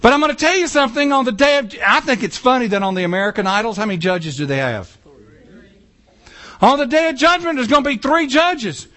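A man preaching a sermon in an animated, joking way, acting out little quoted lines. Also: very high-pitched, a little fast. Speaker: pastor.

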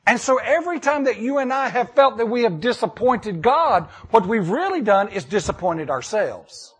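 A man preaching a sermon, reading scripture and repeating key lines emphatically with dramatic pauses. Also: sits high, big pitch swings, slightly rough. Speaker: pastor.

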